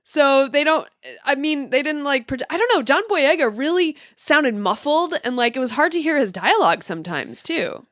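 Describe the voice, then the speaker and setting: A woman's voice: sits high, animated, moderate pace, fairly bright tone, no room sound, clean studio sound. A woman co-hosting a podcast in casual chat, enthusiastic and bubbly, laughing often. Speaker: podcast co-host.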